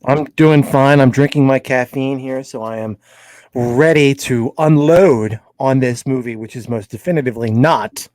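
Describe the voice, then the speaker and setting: A man's voice: medium pitch, moderate pace, a little mellow, no echo. A man co-hosting a casual film debate, blunt and emphatic, laughing at his own jabs. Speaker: co-host and film critic.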